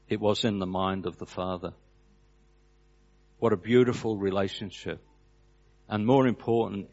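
A man preaching a sermon, telling a story with an earnest cadence that drops away at the ends of phrases. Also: lowish voice. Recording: dull lo-fi recording.

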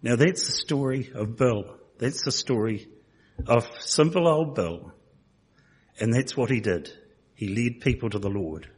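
A man's voice: medium pitch, expressive, measured pace, slightly rough. A man telling a folksy story to a church congregation, recorded in a church hall. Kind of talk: anecdote told to a congregation.

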